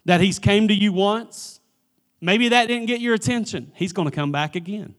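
A man preaching a church sermon, swinging from emphatic pleading to hushed, near-whispered lines and often repeating the first word of a phrase. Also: high voice, normal speed. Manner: repeats words at starts of phrases. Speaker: pastor.

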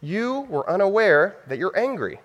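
A man's voice: high voice, big pitch swings, normal speed, a bit bright, big-room sound, lo-fi sound. A man preaching in a conversational way, acting out everyday scenes with quoted voices. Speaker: pastor. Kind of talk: sermon.

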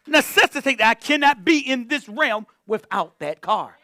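Man, pastor, sermon, high voice, animated, call-and-response. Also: normal speed, no echo, a faint crowd. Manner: preaching call-and-response, repeating phrases. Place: church.

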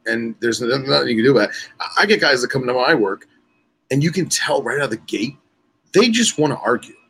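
A man speaking as a guest on a casual podcast, relaxed and peppering his speech with "you know". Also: medium pitch, quick pace, gravelly, slight background noise, low-quality recording.

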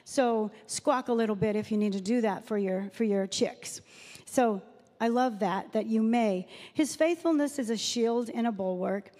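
A woman's voice: a little high, normal speed. Woman preaching in an echoing church hall. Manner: warm, chatty preaching with personal stories and Bible reading. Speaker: guest speaker at a church Mother's Day service. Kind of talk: sermon. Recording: reverberant hall sound.

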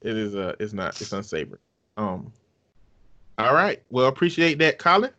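A man's voice: lowish voice, big pitch swings, normal speed, bright, forceful tone. A man hosting a podcast in casual chat, laid-back and joking, often laughing. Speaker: podcast host.

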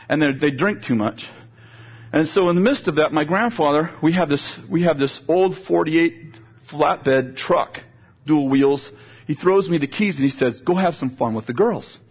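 A man preaching a sermon, telling a lively personal story and moving into prayer, with a husky voice. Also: on the high side, normal speed, highs cut off.

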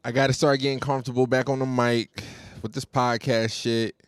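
A man's voice: mid-range voice, little pitch movement, a little fast, clean tone, no echo, studio quality. A man hosting his own podcast solo, chatting in a laid-back, slangy way with plenty of cursing. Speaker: podcast host. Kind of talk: casual solo podcast chat.

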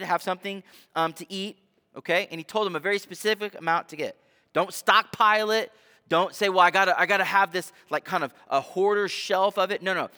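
A man preaching a sermon as pastor, conversational and animated, often asking his listeners rhetorical questions. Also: fairly high pitch. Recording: long hall reverb.

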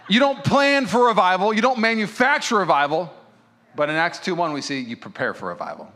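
A man preaching a sermon as pastor, fervent and passionate, moving between loud preaching and quiet prayer. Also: mid-range voice, slight background noise.

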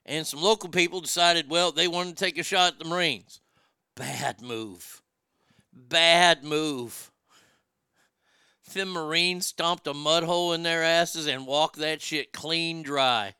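A man's voice: on the high side, steady tone, moderate pace, few pauses, pushed and bright, clear, resonant tone, no echo, studio quality. A man, telling blunt, profane comic stories in a casual chat. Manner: profane, blunt, drawling storyteller. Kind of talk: casual comedic storytelling.

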